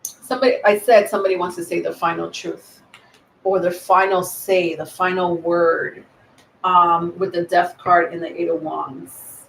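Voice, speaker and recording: A woman's voice: lowish voice, level tone, a little slow, creaky, a bit bright, slight background noise. Woman, tarot reader, rambling live reading, lots of ums, roomy echo. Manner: rambling, many ums, thinking aloud.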